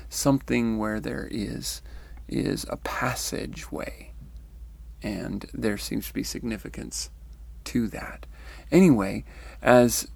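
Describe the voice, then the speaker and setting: Male commentator, very gravelly and husky, reflective, pausing often, close and dry. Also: mid-range voice, no echo. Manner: thoughtful, musing, with pauses and restarts. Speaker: commentator reading and discussing near-death accounts. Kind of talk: reflective spoken commentary with read-out quotes.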